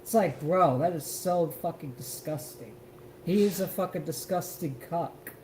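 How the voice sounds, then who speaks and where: A man's voice: on the high side, unhurried, darkish tone, reverberant, a little hiss or hum, poor audio. A man co-hosting a live stream, reacting to a clip in an emphatic, profane rant. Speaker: stream co-host.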